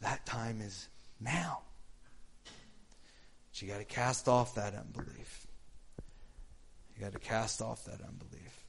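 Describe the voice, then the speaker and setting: A man's voice: mid-range voice, a little mellow. A man preaching a Sunday sermon with mounting fervor, acting out quotes. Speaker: pastor. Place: church service room.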